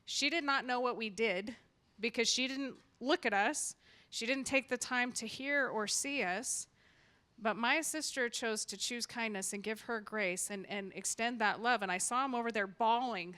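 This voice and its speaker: Woman, event host, bright tone, slightly high voice, heartfelt, repeats her motto. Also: normal speed. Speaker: event host, nonprofit founder. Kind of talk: emotional live event speech. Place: event hall with audience.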